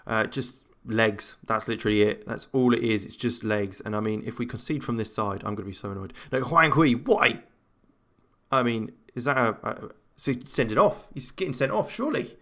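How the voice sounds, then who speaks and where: A man's voice: on the low side, animated, fairly quick, fairly bright tone. Chatty man commentating his own game. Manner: chatty, rambling match commentary with self-talk and frequent fillers. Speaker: gaming channel host. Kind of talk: let's-play gameplay commentary.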